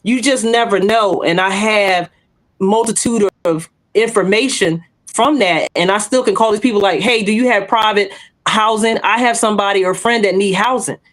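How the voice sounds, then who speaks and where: With a mid-range voice at a moderate pace, a woman podcast co-host tells her testimony boldly during casual conversation. Her storytelling is animated, and she performs the quoted voices.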